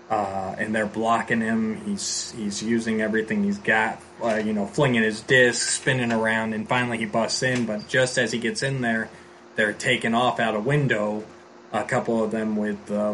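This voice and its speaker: A man's voice: on the low side, a bit bright, a little hiss or hum, low-quality recording. A man casually recapping a story on a podcast, rambling and restarting as he goes. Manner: rambling, many fillers and restarts.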